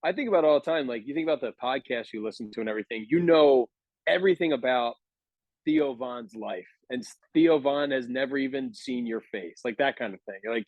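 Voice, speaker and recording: A man's voice: medium pitch, quick pace, no room sound, dull audio. A man in his thirties telling a long, rambling story on a podcast, laughing as he goes. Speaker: podcast guest. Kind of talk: casual chat, storytelling.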